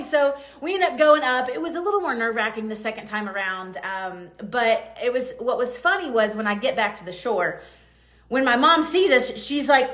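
Woman podcast host, high-pitched, chatty storyteller, roomy echo. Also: moderate pace. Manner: chatty, animated, full of fillers and quoted asides. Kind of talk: casual storytelling monologue.

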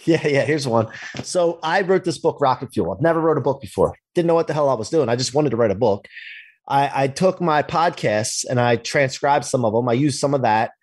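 A man telling a personal business story in a casual interview, animated and acting out the dialogue. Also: medium pitch, fairly quick, husky, no room sound, clean studio sound. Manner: animated, acts out quoted dialogue, swears casually. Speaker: podcast guest, entrepreneur.

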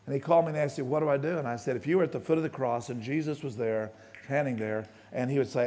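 A pastor giving a sermon, telling a story with plenty of quoted dialogue and halting restarts, his voice rising and dropping. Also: medium pitch, a little mellow.

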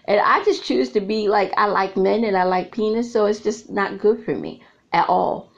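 A middle-aged woman speaks to her viewers in a frank, chatty monologue, laughing easily as she tells her stories. Her voice sits at an ordinary middle pitch for a woman. The recording sounds a little dull and lo-fi. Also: animated, moderate pace, vocal fry. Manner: frank, chatty storyteller who laughs often. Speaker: vlogger and author. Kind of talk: candid casual monologue to viewers. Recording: slightly dull lo-fi audio.

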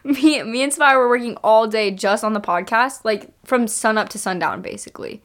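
A woman's voice: on the high side, brisk, a bit bright. A young woman co-hosting a casual podcast, chatty and bubbly, laughing often. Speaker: podcast co-host.

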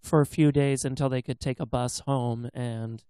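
A man's voice: mid-range voice, steady tone, normal speed, mellow, clean tone, dry recording. A man in his thirties from the US West Coast, chatting casually and rambling through a childhood story. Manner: rambling storyteller, imitates voices. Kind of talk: casual chat.

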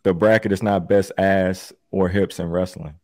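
A laid-back man with a low voice co-hosts a casual podcast, steering the conversation and laughing easily between his picks. His talk is loose and salty, and the sound is dry and close. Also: steady tone, moderate pace, darkish tone, no room sound. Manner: laid-back, laughs often, swears freely. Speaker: podcast co-host running the bracket. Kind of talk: casual chat.

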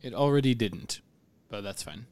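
A man hosting a casual book-club podcast, leading the talk in a dry, wry, gently teasing way. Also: on the low side, animated, normal speed, dry recording. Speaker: podcast host leading discussion.

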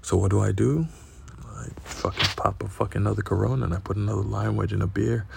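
A man's voice: lowish voice, steady tone, fast, noisy background. A young man hosting a podcast, telling a crude story in a profane, laughing, casual way. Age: young adult. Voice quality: gravelly, husky. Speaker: podcast host.

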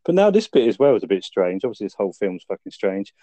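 A man's voice: on the low side, very animated, fast talker, warm tone, dry recording. A man co-hosting a film review podcast, retelling the plot in a laid-back, sweary way. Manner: laid-back storytelling with frequent swearing and laughs. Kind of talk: casual chat.

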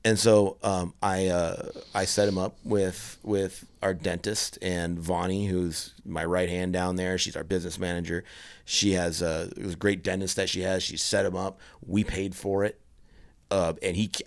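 Deep gravelly man telling a story haltingly. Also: no room sound. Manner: halting and earnest, many restarts. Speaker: guest telling a personal story. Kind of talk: candid conversational storytelling.

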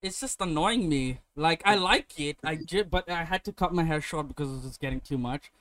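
A man's voice: fairly high pitch, fairly quick, a bit bright, no room sound. A young man hosting a podcast in casual chat, joking, swearing and laughing a lot. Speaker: podcast host.

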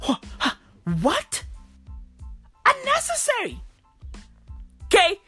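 A woman delivering a crude, profane comedic rant, repeating herself and bursting into loud, exasperated shouts. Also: very high voice, huge pitch swings, slow, faint music behind. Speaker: comedic ranter.

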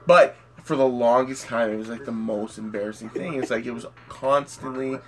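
A man's voice: mid-range voice, moderate pace, a crowd in the background. A man in his thirties co-hosting a podcast, telling rambling, crude stories in casual chat. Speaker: podcast co-host.

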